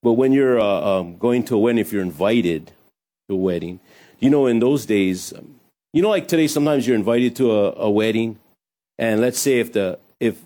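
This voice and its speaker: A man's voice: fairly low pitch, normal speed, warm tone. A male pastor giving a conversational sermon with jokes and asides. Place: hot church room.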